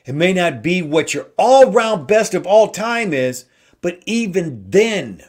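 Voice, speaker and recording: Slow, emphatic male motivational host. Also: sits high, very animated. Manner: slow, emphatic, repeats key phrases. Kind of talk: inspirational talk show monologue.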